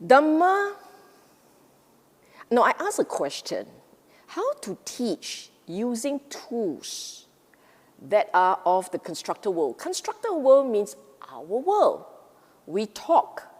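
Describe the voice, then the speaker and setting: A woman's voice: on the high side, huge pitch swings, slow, a little mellow, breathy edge, in a large hall. A woman teaching Dharma in an emphatic way, often repeating and rephrasing herself and acting out the inner voices of the mind. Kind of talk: Buddhist Dharma talk.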